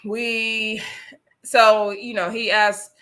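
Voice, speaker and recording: Bright-voiced chatty woman recapping TV. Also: mid-range voice, level tone, drawn-out words. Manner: chatty, sassy, addresses viewers as y'all. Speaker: host reviewing a reality show. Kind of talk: casual live recap chat.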